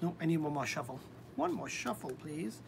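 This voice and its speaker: A woman hosting a live-stream tarot reading, talking hesitantly with many pauses and ums. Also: sits low, sing-song, creaky, darkish tone, slight background noise.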